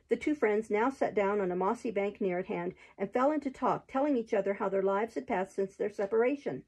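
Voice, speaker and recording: A woman reading a classic adventure tale aloud chapter by chapter in a gentle, steady manner. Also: mid-range voice, fairly quick, few pauses, breathy edge, rough recording. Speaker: host reading a book aloud. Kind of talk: storybook read-aloud.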